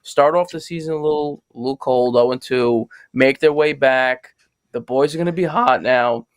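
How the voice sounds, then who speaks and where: A man's voice: medium pitch, normal speed, no echo, clean studio sound. A man guest on a sports podcast, making his picks in a confident, slangy, profane way. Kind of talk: casual sports betting chat.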